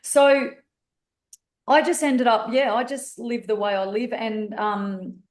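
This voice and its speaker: A woman's voice: fairly high pitch, steady tone, takes it slowly, reverberant. A woman with an Australian accent telling her life story candidly as a podcast guest, blunt and swearing freely. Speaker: guest speaker and author.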